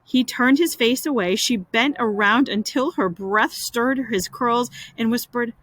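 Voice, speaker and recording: A woman reading a classic story aloud with expressive delivery, dropping in wry casual asides. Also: a little high, measured pace, no echo, low-quality recording. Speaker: reader.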